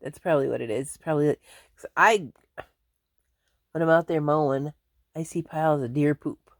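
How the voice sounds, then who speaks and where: A woman's voice: sits low, normal speed, dry recording, clean studio sound. A woman chatting casually to her viewers from home, rambling and laughing often. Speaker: vlogger. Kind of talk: casual chat to camera.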